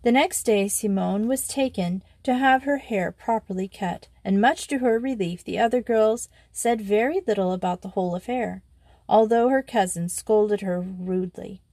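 A woman reads a classic children's storybook aloud in a measured, even manner. Her voice sits at a middle pitch. The recording is dry and close, with no room sound. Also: dry recording. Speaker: audiobook reader. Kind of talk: scripted storybook narration.

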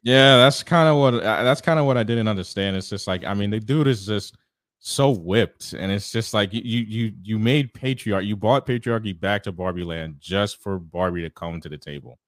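A man's voice: fairly low pitch, moderate pace, no echo, clean studio sound. A man co-hosting a podcast in casual chat, blunt and profane, often laughing at his own jokes. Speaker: podcast co-host.

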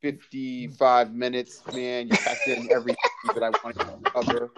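A man's voice: mid-range voice, level tone, normal speed, heavy background noise. A man hosting an interview, affirming and encouraging his guest and laughing along. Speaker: host.

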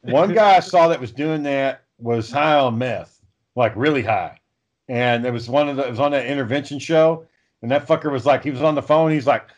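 On dull lo-fi audio, a man in his thirties co-hosts a podcast and chats casually at a moderate pace. His medium-pitched voice carries rambling, profane stories.

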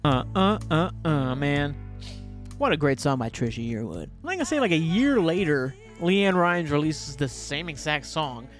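A man's voice: a little high, sing-song, a little slow, faint music behind. A man hosting a solo podcast in casual chat, rambling with enthusiasm and correcting himself as he goes. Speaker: podcast host.

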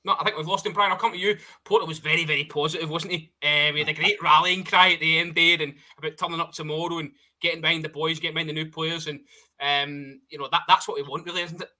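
A podcast host with a very bright, sharp voice moves quickly between his guests and callers. He keeps the conversation going at a brisk pace. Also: on the high side, fairly even intonation. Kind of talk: football podcast hosting.

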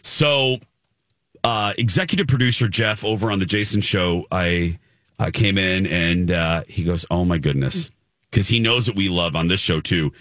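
A man's voice: low-pitched, normal speed, fairly bright tone, no room sound, studio quality. A man hosting a talk show, chatting casually and acting out quotes as he tells a story. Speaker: radio show host. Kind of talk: casual chat.

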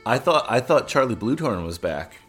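A man's voice: medium pitch, sing-song, normal speed, a bit bright, soft background music. A man co-hosting a casual film podcast, a bit tipsy from wine, rambling and tripping over his words. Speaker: podcast co-host.

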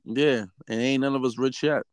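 A man co-hosting an uncensored podcast, telling stories in loud, profane banter. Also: mid-range voice, normal speed, clear, resonant tone, no echo. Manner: animated, profane storytelling. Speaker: podcast co-host.

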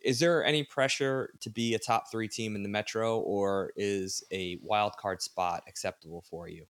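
A man's voice: on the low side, steady tone, normal speed, dry recording. A man co-hosting a casual sports podcast, talking in a loose conversational way with asides. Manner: conversational, many restarts and asides. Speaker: podcast co-host.

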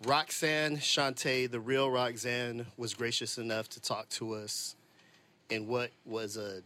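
A man's voice: mid-range voice, flat delivery, slow, pushed and bright. A man co-hosting a podcast, introducing the episode in an enthusiastic, rambling way. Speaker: podcast co-host.

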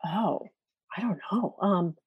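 A chatty woman guest taking unsure guesses in a relaxed quiz game. Her voice is soft and breathy at a middle pitch. She tosses in quick asides as she thinks out loud. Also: muffled recording. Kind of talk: casual quiz game chat.

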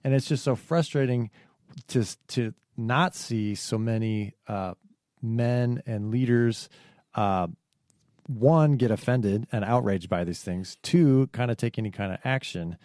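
A man's voice: medium pitch, a little mellow, no room sound. Earnest man on a podcast, dry sound. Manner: earnest, halting, many fillers and restarts. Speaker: podcast co-host. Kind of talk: casual podcast discussion.

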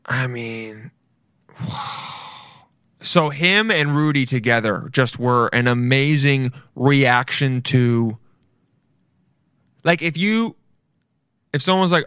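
A man's voice: mid-range voice, slow pace, pauses often, fairly bright tone, clear, resonant tone, dry recording, studio quality. A young man giving casual, profane, mocking commentary while reacting to a video, rambling as he goes.

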